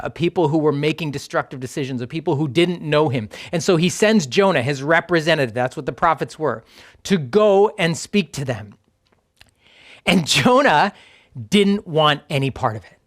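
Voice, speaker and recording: A male pastor preaching a sermon in a conversational, emphatic way, sometimes dropping to a near whisper on key points. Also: on the high side.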